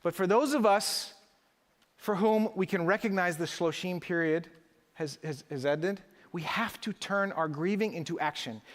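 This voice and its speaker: High-voiced man giving a keynote in a hall. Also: moderate pace. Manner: rhetorical, audience-engaging, emphatic. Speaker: conference speaker. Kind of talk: live keynote speech. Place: large conference hall. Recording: echoey conference hall.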